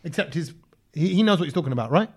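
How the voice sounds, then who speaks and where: A man co-hosting a relaxed chat show, telling an animated story. His voice sits high and he talks fast, and he drops lower whenever he quotes someone else. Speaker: podcast co-host.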